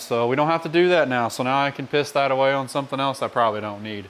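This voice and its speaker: A man's voice: medium pitch, fast talker, hardly any pauses, over music. Wry rambling man in a garage. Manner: wry, rambling, swears casually while working. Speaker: DIY mechanic channel host. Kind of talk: casual garage work commentary. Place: home garage or shop.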